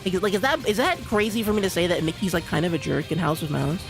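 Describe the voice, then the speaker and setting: Rambling, excitable streamer chatting. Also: medium pitch, fast, vocal fry, over music. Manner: rambling, stammering restarts, excitable. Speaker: live streamer. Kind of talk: casual stream chat.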